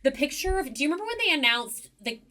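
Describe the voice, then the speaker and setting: A young woman co-hosting a podcast, recapping a TV episode in casual, animated chat full of likes and ums. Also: sits high, fast. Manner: chatty, animated storytelling with many likes and ums. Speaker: podcast co-host.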